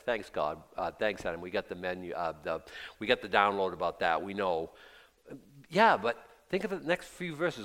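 A middle-aged male pastor preaching a sermon in a chatty way, dropping to quiet asides and rising to loud emphatic bursts. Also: low-pitched, animated, normal speed. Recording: long hall reverb.

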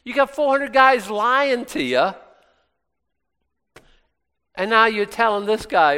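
Man preaching, reads scripture, sarcastic asides, very lively pitch, slightly high voice. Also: takes it slowly. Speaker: pastor. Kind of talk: sermon. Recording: long hall reverb.

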